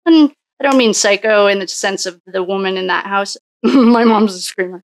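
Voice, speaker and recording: A woman's voice: medium pitch, normal speed, dry recording. A woman doing a casual solo tarot reading, musing and thinking aloud with frequent restarts. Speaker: psychic tarot reader.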